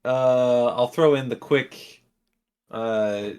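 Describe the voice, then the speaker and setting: A man's voice: medium pitch, drawn-out words, a little mellow, clear, resonant tone. A man co-hosting a casual rewatch podcast, starting sentences over and teasing his co-host while sharing fun facts.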